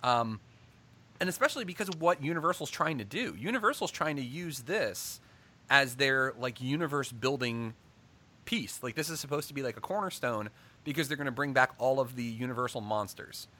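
Animated bright-voiced man chatting. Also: medium pitch, a little fast. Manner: animated storyteller, laughs often. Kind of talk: casual chat.

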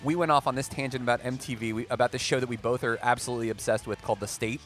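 A man co-hosting a casual podcast chat, rambling and excitable, quick to joke about himself. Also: medium pitch, music in the background. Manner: rambling, excitable, self-deprecating. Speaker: podcast co-host.

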